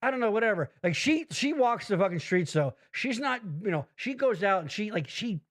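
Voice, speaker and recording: High-voiced man, rambling and profane. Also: fairly quick. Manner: rambling, profane, animated storytelling with put-on voices. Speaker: podcast host. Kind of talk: casual chat.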